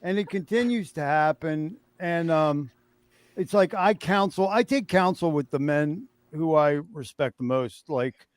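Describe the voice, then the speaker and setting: Man, 50s, livestream guest, emphatic, profane, pep-talk energy, fairly high voice, dry sound. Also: a little slow, no echo. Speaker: stream guest. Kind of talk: candid livestream chat.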